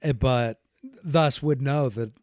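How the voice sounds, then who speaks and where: A man's voice: mid-range voice, slow pace, a little mellow, no echo, studio quality. A man hosting a podcast, talking casually and thinking aloud, laughing often between points. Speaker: podcast host.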